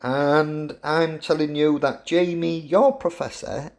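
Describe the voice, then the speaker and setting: A man's voice: on the high side, steady tone, slow, darkish tone. A middle-aged man, a university professor giving a jokey, teasing lecture to his students. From England.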